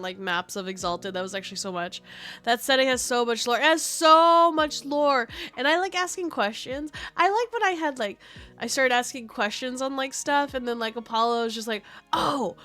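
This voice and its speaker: A woman chats casually on stream, rambling and animated through her story with lots of fillers. Her voice sits high, and soft music plays faintly behind her mic.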